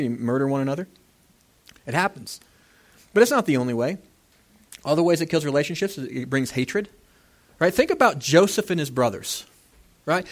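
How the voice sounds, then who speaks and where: A pastor preaching a sermon in a church, talking animatedly and acting out the voices of people he quotes. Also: a little high.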